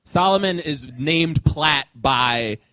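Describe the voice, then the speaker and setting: A man's voice: on the high side, lively intonation, takes it slowly, bright, forceful tone, no echo, studio quality. A man co-hosting a live podcast discussion of a film, moderating, clarifying points and recapping scenes.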